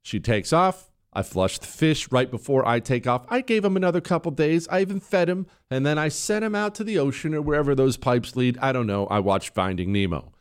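Male talk host, middle-pitched, very animated storyteller with punchy delivery. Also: brisk, hardly any pauses, clear, resonant tone. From United States. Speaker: radio talk show host. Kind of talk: casual storytelling monologue.

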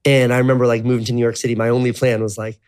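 A man's voice: medium pitch, level tone, racing, a little mellow, clear, resonant tone. A man in his thirties telling his life story as an interview guest, rambling and profane, full of "like". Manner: rambling, profane, heavy use of filler "like". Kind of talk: casual storytelling.

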